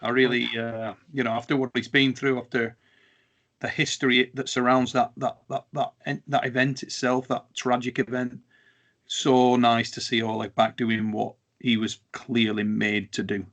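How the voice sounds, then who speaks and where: Halting man chatting casually. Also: medium pitch, little pitch movement, a bit bright. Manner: halting, restarts phrases. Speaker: co-host. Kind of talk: casual chat.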